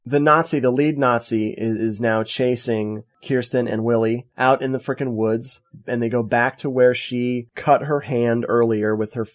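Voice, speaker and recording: A man co-hosting a podcast in casual talk, telling a movie plot in an animated, jokey way and acting out the quotes. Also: mid-range voice, normal speed, hardly any pauses. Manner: animated, jokey storyteller who acts out quotes. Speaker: podcast co-host. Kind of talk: casual movie review chat.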